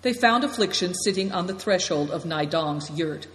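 A woman reads a story aloud in a steady, descriptive narration. Her voice sits a little low, and a long reverb hangs after each phrase as in a big hall. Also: normal speed. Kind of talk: audiobook narration.

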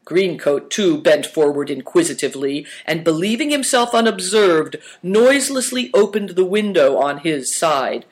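A man reading a story aloud as narrator in a steady, measured way. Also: fairly high pitch. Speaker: audiobook narrator.

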